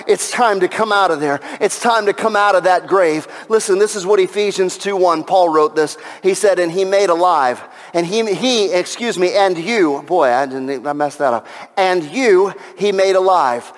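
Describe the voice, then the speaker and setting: A man with a high voice preaches from the pulpit of a church. He builds fervently and repeats his key lines for emphasis. The sound rings with the long reverb of a large hall. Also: moderate pace. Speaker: pastor. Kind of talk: Easter sermon.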